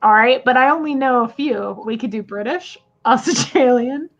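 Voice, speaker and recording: Brief: rambling woman guest, fairly high voice, muffled lo-fi audio. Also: normal speed. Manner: chatty, laughing, rambling tangents. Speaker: guest seller. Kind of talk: casual live-stream chat. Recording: dull lo-fi audio.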